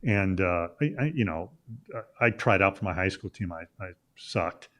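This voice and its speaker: A man's voice: deep voice, moderate pace, fairly bright tone. A middle-aged man from Illinois, a sports journalist guesting on a talk show, telling a long story casually with lots of "uh" fillers and restarts. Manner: rambling anecdote with many "uh" fillers and restarts.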